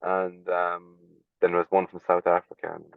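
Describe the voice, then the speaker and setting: A man's voice: deep voice, completely flat delivery, normal speed, gravelly, clear, resonant tone, dry recording. An Irish man, a podcast guest, telling stories in a casual, blunt way, swearing freely and chuckling as he goes. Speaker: podcast guest, slap fighter. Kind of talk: casual storytelling chat. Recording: tinny phone-like line, dry.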